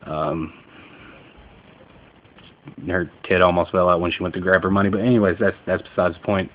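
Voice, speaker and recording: A man's voice: sits low, fairly even intonation, moderate pace, narrow, tinny audio. A young man from Kentucky rambling casually at night from bed, joking and self-deprecating, with lots of fillers. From Kentucky, USA. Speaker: vlogger.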